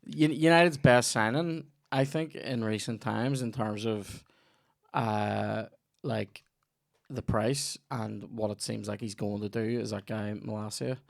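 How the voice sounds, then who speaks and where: Gravelly man, rambling chat. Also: fairly low pitch, fairly even intonation, unhurried, no room sound, clean studio sound. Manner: rambling, sweary, trails off mid-thought. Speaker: podcast host. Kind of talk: casual comedy podcast chat.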